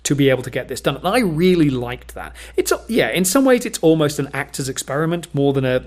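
A man's voice: fairly high pitch, sing-song, fast, darkish tone. A man co-hosting a casual film review chat, talking thoughtfully with frequent restarts and fillers. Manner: thoughtful, hesitant, many restarts. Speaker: film review podcast co-host.

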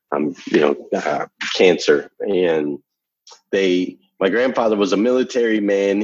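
A man's voice: deep voice, breathy edge, no room sound, lo-fi sound. A man telling a personal story in conversation, earnest and emphatic, repeating phrases for effect. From United States. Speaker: interview guest.

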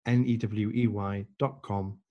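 An older man, a guest in an interview, telling lively anecdotes and acting out the voices of people he quotes. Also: on the low side, measured pace, muffled recording. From England. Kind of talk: conversational interview storytelling.

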